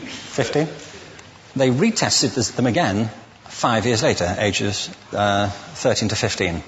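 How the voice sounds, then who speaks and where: A male public speaker gives a witty, conversational lecture to a live audience, putting questions to the listeners as he goes. His lowish voice moves slowly, with big-room sound and a little hiss or hum.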